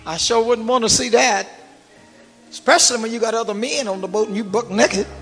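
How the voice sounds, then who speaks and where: A pastor with a very high, bright, forceful voice preaches to his congregation, calling out to them and dropping to hushed asides. His voice rings through a large church hall with a long reverb tail, and soft organ music plays under him. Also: brisk. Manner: preaching with call and response, swinging from shouts to low murmurs. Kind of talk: sermon.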